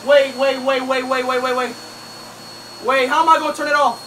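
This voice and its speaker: A young man livestreaming casually, panicking with repetitive pleading and shouting, away from the mic. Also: very high-pitched, level tone, brisk, distant mic. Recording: voice from away from the mic, faint vacuum noise.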